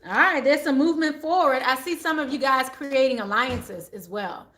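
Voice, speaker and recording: A middle-aged woman giving live tarot advice, animated and exclaiming, often repeating her phrases. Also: high voice, moderate pace, a little hiss or hum. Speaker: tarot reader.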